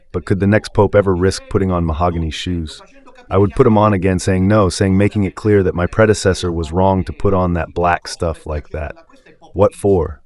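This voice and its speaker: Italian guy on the radio, really low voice, keeps asking if you get it. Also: darkish tone. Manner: emphatic, rhetorical, addresses listeners directly. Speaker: radio preacher. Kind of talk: impassioned religious commentary.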